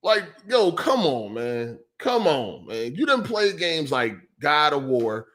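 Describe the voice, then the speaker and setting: A man's voice: on the high side, very animated, slow pace, fairly bright tone. A middle-aged man hosting a podcast, ranting in a heated, profane and repetitive way, exasperated. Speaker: podcast host.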